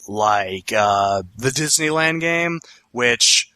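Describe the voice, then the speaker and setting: A man's voice: mid-range voice, animated, extremely slow, sharp tone, clean tone, dry recording. A man co-hosting a podcast, chatting casually about video games in a rambling, self-correcting, opinionated way. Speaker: podcast co-host.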